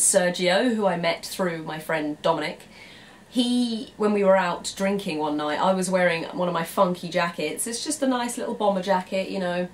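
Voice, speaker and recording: A young English woman vlogging, telling stories casually to camera, laughing often and acting out her own reactions. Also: fairly low pitch. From England. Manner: chatty, laughs often, acts out quoted reactions.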